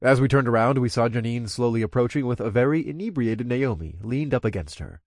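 A man's voice: mid-range voice, lively intonation, fairly quick, no room sound, clean studio sound. A man narrating a story in the first person, blunt and swearing freely. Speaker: narrator and lead character.

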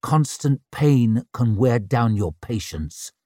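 A man's voice: mid-range voice, lively intonation, slow pace, warm tone, dry recording, clean studio sound. A man doing a sneering, bitter young noble. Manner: sneering, snapping.

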